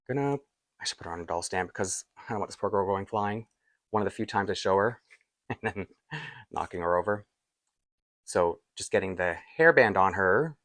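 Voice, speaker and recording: Chatty Canadian man, low dry voice. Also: a bit bright, no echo. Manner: rambling, chatty, laughs often between asides. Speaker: doll collector vlogger. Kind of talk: casual unboxing chat.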